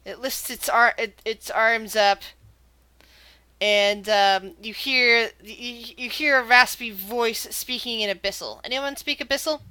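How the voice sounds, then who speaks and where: A woman game master narrating a tabletop adventure, often restarting her sentences as she describes the scene. Her voice is bright and crisp. The sound is dry and close. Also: a little high, a little slow, dry recording.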